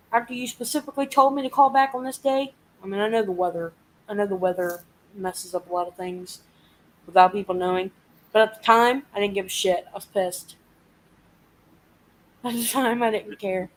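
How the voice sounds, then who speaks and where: On a rough recording, a woman hosting a casual live chat vents about her frustrating week, swearing and telling it animatedly. Her voice sits on the high side, with fairly even intonation at a normal speed.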